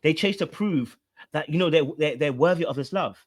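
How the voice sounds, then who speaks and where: A man's voice: fairly high pitch, brisk. A man, a relationship coach, commenting on a played clip and explaining with repeated rhetorical questions.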